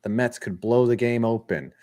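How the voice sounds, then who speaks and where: A young man hosting a casual stream, calling baseball play by play in an animated way and often restarting his sentences. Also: medium pitch, normal speed. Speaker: host calling a live game.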